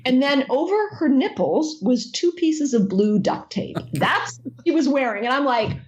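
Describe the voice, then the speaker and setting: Lively woman voice actress telling funny con stories, slightly muffled lo-fi sound. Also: normal speed, slight background noise. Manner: energetic, acts out fans' voices in high squeals. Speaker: voice actress, interview guest. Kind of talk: animated storytelling in an interview.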